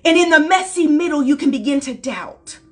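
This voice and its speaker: A woman's voice: sits high, lively intonation, a little fast. A woman giving an impromptu, emphatic spiritual pep sermon live from home on her phone camera, in casual folksy slang and repeating lines for emphasis. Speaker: spiritual life coach. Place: at home, packing. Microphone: phone or webcam, going live.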